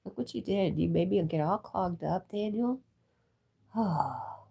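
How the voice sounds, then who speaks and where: A middle-aged woman hosting a live stream, reading chat comments aloud in a soft, gentle whisper as whispered role-play. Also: lowish voice, animated, a little slow, creaky, breathy edge. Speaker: livestream host reading chat. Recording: faint background music.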